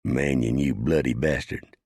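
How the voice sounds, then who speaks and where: A man voicing a rough male convict in an audiobook, jeering. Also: a bass voice, a little slow, a little mellow, no echo, studio quality, heavily acted.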